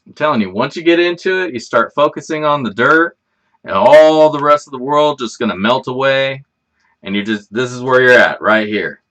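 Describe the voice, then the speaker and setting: A man's voice: mid-range voice, animated, moderate pace, a bit bright. A man hosting a casual livestream, chatting in a rambling, laid-back way and swearing freely. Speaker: livestream host.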